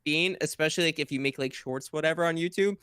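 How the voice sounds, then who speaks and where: A man chatting casually as a podcast guest, teasing and excitable, swearing freely. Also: a little high, quick pace, clean tone, no room sound, studio quality. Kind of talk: casual chat.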